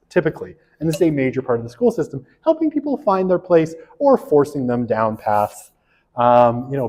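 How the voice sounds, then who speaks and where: A man's voice: mid-range voice, darkish tone. Man, sociology lecturer, casual and jokey, many fillers, long hall reverb. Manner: casual and joking, frequent fillers and tag questions. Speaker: sociology instructor. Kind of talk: recorded university lecture.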